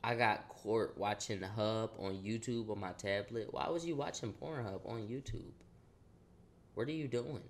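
A man casually telling a story as a streamer, slangy and full of swearing, getting animated as he goes. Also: on the low side, normal speed, gravelly. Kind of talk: storytime vlog.

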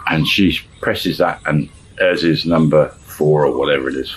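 A man with a very deep voice tells a casual story and chuckles along the way. He acts out the dialogue in shifting voices. A faint hiss runs under the recording. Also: moderate pace, poor audio. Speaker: storyteller channel host.

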